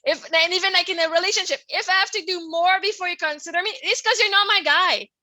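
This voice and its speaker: A middle-aged French Canadian woman hosts her own podcast, talking in a loose, rambling monologue that keeps circling back to "right?" Her voice sits high and sounds bright, and it swings between soft, hushed stretches and loud outbursts. The recording is dry and close. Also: fast talker, no room sound, low-quality recording. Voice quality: expressive, laughs often, swings from soft to loud. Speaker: podcast host. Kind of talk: casual personal monologue.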